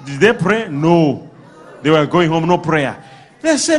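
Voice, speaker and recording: Male preacher, high and lively voice, animated delivery with sudden shouts and call-and-response. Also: measured pace, a faint crowd. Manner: animated, bursts into shouts and laughter.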